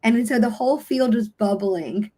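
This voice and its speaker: A woman guest in a casual livestream conversation, telling stories with warm enthusiasm and open emotion. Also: fairly high pitch, moderate pace.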